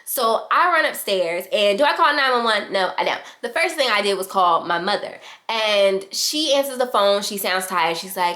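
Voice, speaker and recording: A young adult woman vlogger telling a casual storytime in a fast, animated way, acting out the quotes. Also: medium pitch. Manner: fast-talking, animated retelling with quoted voices.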